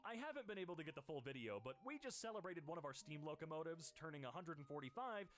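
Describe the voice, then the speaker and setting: A man reading internet posts aloud for comedy, switching voices quickly between posters. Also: a little high, big pitch swings, a bit bright, soft background music. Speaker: host.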